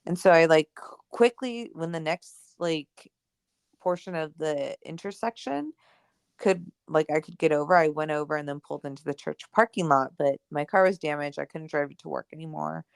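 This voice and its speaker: A young adult woman co-hosting a podcast tells a personal story in casual chat, animated and full of "like" and "right?", acting out the dialogue she quotes. Her voice sits low and is gravelly yet clear and resonant, at normal speed, in studio quality with no room sound.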